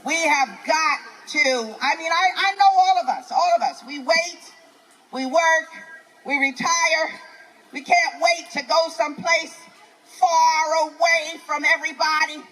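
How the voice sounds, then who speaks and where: A woman's voice: high-pitched, unhurried, bright, forceful tone, low-quality recording. An older woman with a New York accent doing a live stand-up set, ranting in a brash, profane, preachy way. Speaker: stand-up comedian. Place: outdoor festival stage.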